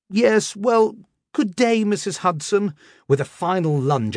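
Husky, wry male narrator. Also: medium pitch, dry recording, studio quality. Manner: wry, expressive first-person storytelling. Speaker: audiobook narrator. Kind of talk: scripted comic narration.

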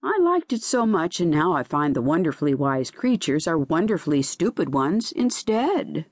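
A woman voicing a male zoophyte that is touchy and easily let down, murmuring in a low, plaintive voice. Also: sing-song, moderate pace, darkish tone, no echo, studio quality. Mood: disappointed.

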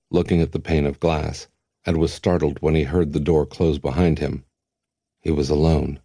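Deep, mellow male audiobook narrator. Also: dry recording, studio quality. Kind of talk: scripted narration.

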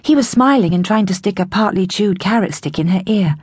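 A woman reads a children's book aloud in the first person, with a lot of expressive rise and fall. Her voice sits fairly low and is soft and breathy. The recording is close and dry. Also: brisk, dry recording. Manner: expressive, storytelling. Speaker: audiobook narrator.

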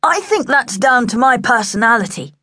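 A woman's voice: a little high, expressive, normal speed, a bit bright, no echo, clean studio sound, pitched above the performer's own voice. A woman voicing a boastful, show-off young boy with a swaggering, self-important manner.

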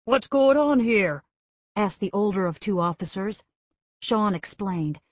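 A woman narrates an audiobook with a measured, expressive reading. Her voice sits at an ordinary middle pitch. The recording is dry and a little muffled. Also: no room sound. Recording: dull, dry studio recording.

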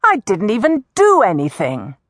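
A woman voicing a sharp-tongued young woman who talks back with defiant sarcasm. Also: medium pitch, wildly swooping pitch, normal speed, dry recording, clean studio sound, pitched above the performer's own voice. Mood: exasperated.

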